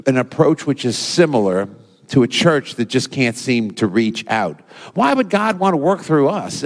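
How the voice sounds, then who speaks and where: Male pastor, sermon, folksy conversational storytelling, reverberant church sanctuary. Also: mid-range voice.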